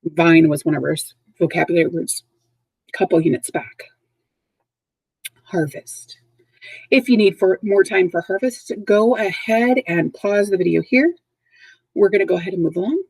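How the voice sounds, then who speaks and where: A third grade teacher leads a recorded vocabulary lesson for young kids, patiently repeating words and checking in often with "okay." Her medium-pitched voice is fairly quick, a little mellow and slightly rough, with vocal fry. There is no echo, though the recording is rough.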